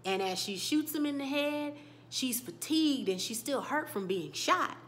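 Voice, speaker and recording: Animated woman recapping a show. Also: sits high, moderate pace. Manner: animated storytelling, swings between loud bursts and hushed whispers; emotional, reacts to scenes. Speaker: YouTube TV recap host. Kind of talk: casual episode recap.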